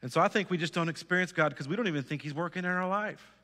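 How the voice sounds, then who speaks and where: Guy preaching in a church, bright forceful voice, kinda high, earnest, lots of hall echo. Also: rapid-fire. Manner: earnest, exhorting, asks the congregation direct questions. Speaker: pastor. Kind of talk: sermon. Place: church sanctuary.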